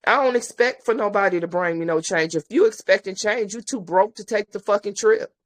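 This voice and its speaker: A woman's voice: mid-range voice, brisk. A woman host giving blunt, profane commentary, ranting with exasperation to her listeners.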